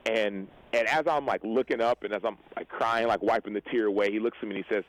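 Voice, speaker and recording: Fast-talking earnest man in his thirties. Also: on the low side, fairly even intonation, poor audio. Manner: earnest, reflective, retells scenes with quoted dialogue, tags lines with "right?". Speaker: guest, pro football player and author. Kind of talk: candid interview storytelling.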